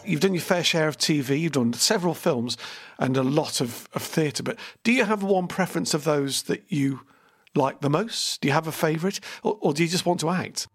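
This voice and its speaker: Male interviewer, friendly, rambling questions, gravelly voice, slightly high. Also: lively intonation, a little fast.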